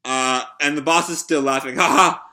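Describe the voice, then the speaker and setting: A man's voice: mid-range voice, fairly even intonation, normal speed, bright, forceful tone. A man reading a manga chapter aloud and reacting live, chatty, with frequent fillers and laughs. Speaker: online video creator reacting to a manga.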